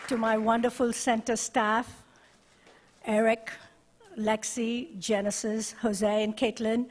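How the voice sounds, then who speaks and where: A woman directing a university resource center, giving an earnest, measured ceremony speech with deliberate pauses. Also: on the high side, little pitch movement, in a large hall. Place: ceremony hall.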